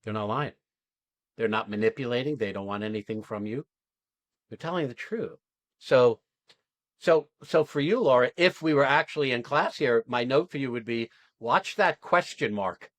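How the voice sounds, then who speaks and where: A man's voice: medium pitch, normal speed, fairly bright tone, no room sound. A man coaching actors through an exercise, talking in an emphatic, blunt way and swearing freely. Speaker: acting coach. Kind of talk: coaching an acting class demo.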